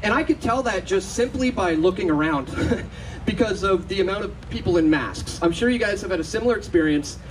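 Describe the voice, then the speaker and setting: High-pitched guy on a conference stage, animated storytelling, mic far off, faint noise. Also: a little fast. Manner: animated, acts out voices in anecdotes, laughs often. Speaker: conference speaker. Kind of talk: storytelling speech to an audience.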